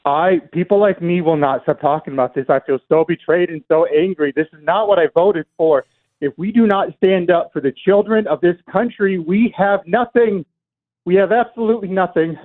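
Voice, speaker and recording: A man's voice: high-pitched, normal speed. Aggrieved male caller on a phone line. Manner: earnest, aggrieved, hesitant. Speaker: radio caller. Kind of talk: call-in radio.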